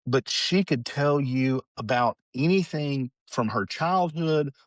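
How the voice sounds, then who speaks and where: A man's voice: medium pitch, slow, no echo. A middle-aged man who is a guest on a podcast, telling a family story in a folksy, rambling way with plenty of "you know" asides. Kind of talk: anecdotal storytelling in conversation.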